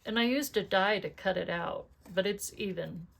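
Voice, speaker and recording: A woman's voice: mid-range voice, moderate pace, creaky. A middle-aged woman chatting casually while making cards, talking to herself and asking her viewers questions as she works. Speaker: card-making crafter. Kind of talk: casual crafting tutorial chat.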